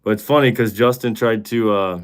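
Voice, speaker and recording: Guy in his 30s ranting on a live stream, cussing a lot, kinda low voice. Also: moderate pace, clean tone. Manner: blunt and profane, excitable. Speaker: show host. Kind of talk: casual live-stream chat.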